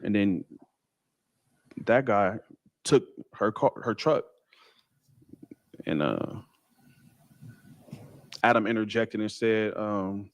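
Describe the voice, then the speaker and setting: Low-voiced man recounting a story. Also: no room sound. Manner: halting, many fillers and restarts. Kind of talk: casual first-person account.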